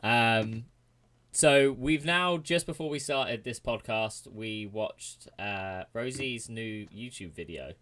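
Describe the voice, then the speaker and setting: A young man hosting a casual podcast over a voice call, relaxed, laughing often and swearing offhandedly. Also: medium pitch, takes it slowly. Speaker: podcast host. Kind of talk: casual chat on a gaming podcast.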